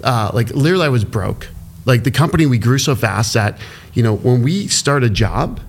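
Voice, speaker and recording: A man being interviewed as an entrepreneur guest, speaking emotionally and haltingly with lots of fillers. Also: medium pitch, animated. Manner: halting, heavy use of "like" fillers.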